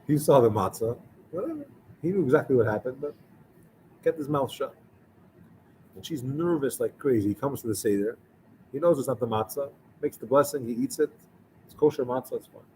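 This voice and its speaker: A man's voice: mid-range voice, a little mellow, slight background noise, poor audio. A man speaking as a rabbi, telling a story in a conversational sermon and acting out the dialogue of its characters. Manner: conversational, acts out the dialogue of the people in his story.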